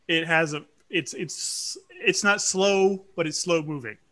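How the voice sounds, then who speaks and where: A man from South Louisiana chatting on a podcast with a bright, forceful voice pitched a little high. He tells stories in an animated, profane way and keeps restarting his sentences. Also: measured pace. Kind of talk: casual chat.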